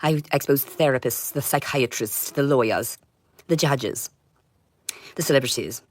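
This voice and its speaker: A woman delivers a rambling livestream monologue, intense and confrontational, swinging between loud outbursts and low muttering. She speaks at a moderate pace with long pauses, and the recording has no echo.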